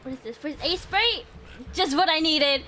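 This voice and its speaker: A woman streaming a horror game live, excitable, yelping, swearing and laughing as she plays. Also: high voice, moderate pace. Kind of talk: live gaming stream commentary.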